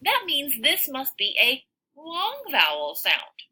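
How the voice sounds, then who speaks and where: A woman teaching a phonics lesson to young children, sounding out words slowly and cheering her listeners on. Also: sits high, poor audio. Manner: slow, sounds out words, animated encouraging teacher voice.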